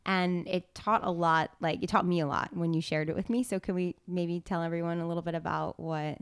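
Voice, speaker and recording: A woman hosts a relaxed chat in a smooth, clear voice pitched a little low. She talks loosely, full of "like" and "you know," and the sound is dry and close. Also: brisk, no echo. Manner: casual, filler-heavy, lots of "like". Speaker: podcast host. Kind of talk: casual conversation.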